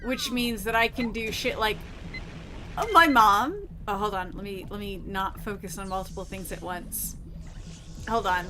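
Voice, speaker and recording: A woman's voice: mid-range voice, a little slow, bright, forceful tone. A woman gaming streamer chatting casually while she plays, rambling and swearing freely. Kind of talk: casual chat while playing. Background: faint game music.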